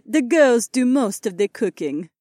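A male narrator voicing a modest, gentle middle-aged mother who cooks for the household. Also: extremely high pitch, lively intonation, measured pace, dry recording, clean studio sound, voice pushed up, exaggerated voice.

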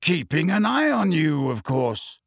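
A man's voice: on the high side, very animated, a little slow, gravelly, husky, no echo, clean studio sound, voice pushed up, heavily acted. A man reading an audiobook, voicing a bold, wry adult male wizard who talks in a teasing, confident way.

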